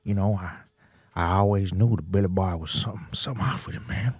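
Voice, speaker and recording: A man putting on the voice of an old toothless rural hillbilly, rambling slowly through a story. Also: sits low, husky, no room sound, pitched below the performer's own voice.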